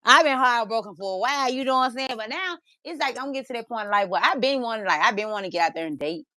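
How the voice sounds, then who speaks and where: A woman hosting a podcast in casual chat, animated and colloquial, swearing freely. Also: on the high side, rapid-fire, dry recording, studio quality. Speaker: podcast host.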